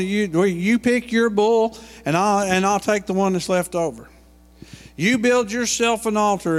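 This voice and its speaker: A preacher acting out a bold, mocking old prophet. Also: male voice, high-pitched, long reverb tail, pitched above the performer's own voice, close to an everyday voice. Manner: challenging, mocking.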